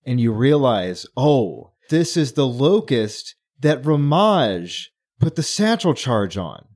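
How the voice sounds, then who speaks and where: A man's voice: medium pitch, takes it slowly. A man co-hosting a book podcast, eagerly retelling scenes and acting out the characters' lines. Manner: excited retelling with acted-out quotes. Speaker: podcast co-host. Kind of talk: casual book club chat.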